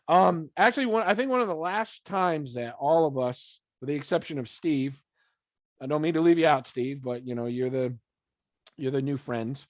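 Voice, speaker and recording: A man's voice: fairly high pitch, moderate pace, dry recording. A man interviewing a band in casual chat, swearing freely, laughing often and acting out scenes in quoted voices. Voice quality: swears freely, animated storytelling. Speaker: podcast interviewer.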